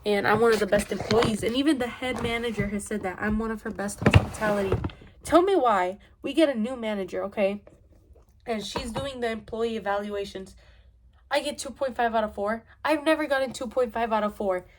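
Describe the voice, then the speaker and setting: A young woman with a somewhat high, nasal voice rants casually into a phone camera. She talks in a loose, chatty way and drifts from tangent to tangent, filling gaps with "like". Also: fairly quick, background noise. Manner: rambling, chatty, full of "like" and tangents. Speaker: vlogger.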